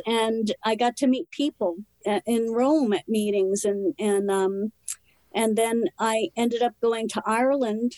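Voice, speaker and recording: Candid woman, high and dry. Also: steady tone, a little mellow, no room sound, poor audio. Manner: candid, earnest, talks in short halting phrases. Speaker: interview guest. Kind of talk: personal recovery story in conversation.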